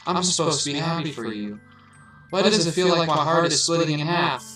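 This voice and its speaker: A despairing teenage girl in a visual novel, voiced by a man, her pleading words cracking as she falls apart. Her voice is lifted a little higher and sits in an ordinary middle range. Faint music plays underneath. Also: a little fast, fairly bright tone, heavy reverb, far from the mic, close to an everyday voice. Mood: anguished. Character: anxious, heartbroken teen girl.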